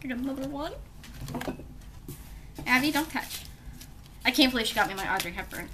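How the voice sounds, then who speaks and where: Brief: young mom vlogger, high lively voice, gushing over gifts, noisy home room. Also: female voice, brisk. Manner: gushing, gasping, chatting to her small daughter. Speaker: beauty vlogger, mother. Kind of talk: excited unboxing vlog.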